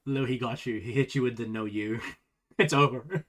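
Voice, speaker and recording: A man's voice: medium pitch, moderate pace, a bit bright. Sarcastic man streaming, laughing with chat. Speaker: livestreamer. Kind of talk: casual stream chat with viewers.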